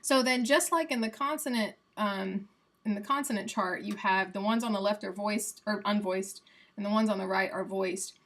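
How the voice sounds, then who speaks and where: A woman's voice: mid-range voice, normal speed, fairly bright tone. A young woman with a Southern US accent, casually teaching phonetics on a livestream and sounding out examples aloud. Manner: chatty and playful, demonstrating sounds aloud.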